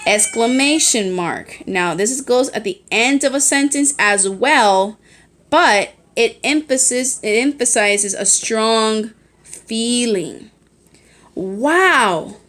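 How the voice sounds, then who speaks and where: A woman's voice: a little high, fairly bright tone, a little hiss or hum. A woman teacher giving a recorded lesson on her phone, explaining step by step and checking in often. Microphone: phone held in hand.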